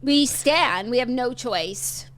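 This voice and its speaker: A woman's voice: on the high side, lively intonation, slow, a bit bright. A woman co-hosting a podcast, bantering in a bubbly, self-mocking way. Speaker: podcast co-host. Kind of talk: casual chat.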